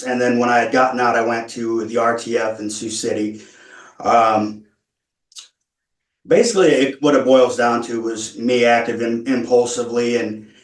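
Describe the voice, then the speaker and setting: Earnest halting man in an echoey room. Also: mid-range voice. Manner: halting, earnest, many restarts. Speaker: parole applicant. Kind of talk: parole hearing testimony. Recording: echoey room, far from mic.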